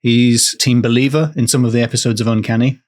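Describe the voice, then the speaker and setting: A man's voice: mid-range voice, little pitch movement, fairly quick. A man hosting a podcast, telling a story in casual comedic chat, playful and full of puns.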